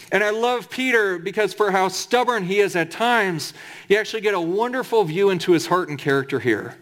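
High-voiced man preaching with humor. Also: expressive, moderate pace, a bit bright. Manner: conversational and humorous, with emphatic asides. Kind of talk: sermon.

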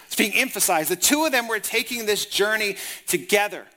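A man's voice: high voice, expressive, a little fast, pushed and bright. A man preaching a sermon, reading scripture and retelling it in casual, conversational paraphrase. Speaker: pastor.

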